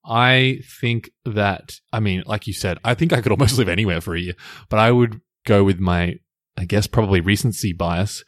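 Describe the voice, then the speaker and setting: A man with a lowish voice co-hosts a podcast in easy, casual chat. He jokes and teases his co-host and laughs often. The sound is dry and close, with no room echo. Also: moderate pace. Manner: jokey, laughs often, playful teasing.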